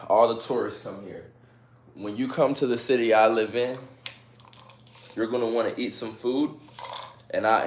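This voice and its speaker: Chatty guy on a stream, joking with chat, bit of echo in the room. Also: on the low side. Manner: chatty, playful, addresses viewers directly. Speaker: live streamer chatting with viewers. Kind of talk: casual live-stream chat.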